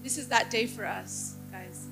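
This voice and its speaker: A woman's voice: medium pitch, measured pace, music in the background. A young adult woman pastor preaching a sermon, passionate and rising to fervent exclaiming.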